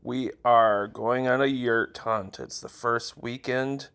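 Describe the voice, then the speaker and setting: A man's voice: medium pitch, steady tone, takes it slowly, fairly bright tone, clear, resonant tone, no echo. A man talking casually to the camera while hiking outdoors, a bit out of breath and chatty about his trip. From Wisconsin. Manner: chatty, talking while walking and pulling a cart. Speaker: outdoors vlogger. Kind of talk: casual walk-and-talk vlog. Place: outdoors in the woods and at a riverbank.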